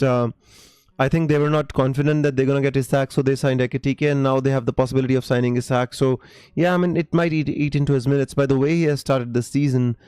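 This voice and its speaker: Smooth-voiced man chatting on a live stream. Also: mid-range voice, a little mellow, dry recording. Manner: hesitant, many fillers and restarts, calls viewers mate; reads viewer comments aloud. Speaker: live stream host answering viewer questions. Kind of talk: casual live stream chat.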